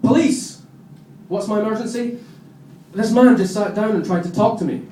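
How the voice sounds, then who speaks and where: A man voicing a prim woman frantically phoning the police, in a shrill, high voice. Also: moderate pace, mellow, slight background noise, lightly acted. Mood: panicked. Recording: echoey club, distant mic.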